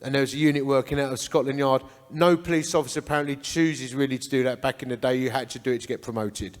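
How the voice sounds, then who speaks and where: A man's voice: medium pitch, fairly even intonation, fast, big-room sound. A man in his forties with an Essex accent, telling his life story to a church men's breakfast in an earnest, conversational storytelling way. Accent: Essex English. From Essex, England. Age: 40s. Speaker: men's ministry founder speaking at church breakfast. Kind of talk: testimony talk. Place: church hall.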